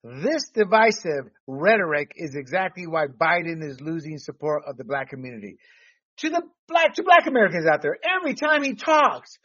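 High-voiced man ranting on a podcast. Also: moderate pace. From Latino background. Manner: animated, rambling, with laughs and restarts. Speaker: podcast host. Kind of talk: political commentary podcast. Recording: dull lo-fi sound.

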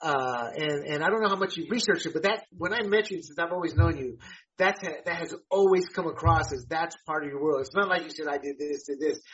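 A man with a somewhat high voice hosts a casual podcast chat. He talks haltingly, full of uh's and restarts. The recording sounds dull and lo-fi. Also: fairly bright tone, a little hiss or hum. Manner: halting, many fillers and restarts. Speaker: podcast host. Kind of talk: casual conversation.

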